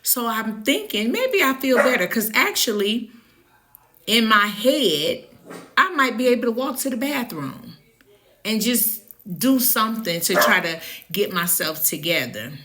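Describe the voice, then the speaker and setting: A woman telling a personal story in a casual storytime vlog. She speaks with animated emphasis, jumps high when indignant, and drops to a hush for the tense parts. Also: measured pace, slight background noise. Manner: drops to a hushed, low voice when recounting the tense moments; uses colloquial slang.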